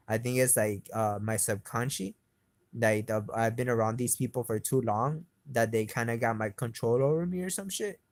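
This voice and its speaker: A young man ranting on and on, swearing constantly, his voice climbing in pitch as he gets worked up. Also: no room sound. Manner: agitated, swears constantly, voice climbs when heated. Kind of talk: profane rambling rant to camera.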